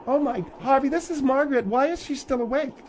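A man in falsetto as a prim, nosy old lady. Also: a little fast, a little mellow, a little hiss or hum. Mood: scolding. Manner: preachy, scolding. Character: prim, nosy older woman, a mother.

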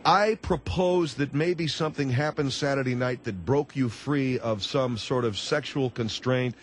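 Male talk radio host, brash and pushy, mid-pitched voice. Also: a little slow, a little hiss or hum. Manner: brash, pushy, repeats questions. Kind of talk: radio call-in show.

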